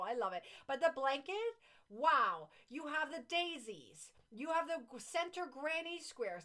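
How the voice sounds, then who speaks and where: Non-native English speaking woman, crochet livestream host. Gushy, excitable, giggly. High voice. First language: not English. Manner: gushing, excitable, laughs often. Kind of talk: casual chat reading viewer comments.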